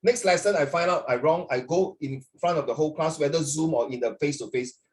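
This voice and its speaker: A man tutors students over a video call, his voice pitched a little high for a man. He rambles in an animated way, with plenty of fillers and restarts. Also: fast talker. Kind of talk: online class teaching.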